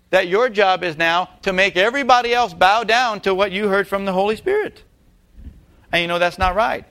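A man's voice: high voice, fairly bright tone. A man preaching a sermon, emphatic and repeating key phrases, putting rhetorical questions to his congregation. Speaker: pastor.

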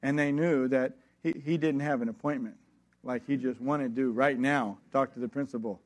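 This preacher has a medium-pitched voice and keeps a moderate pace as he recounts a personal story. He's an animated teller, doing voices for the people involved and laughing along the way.

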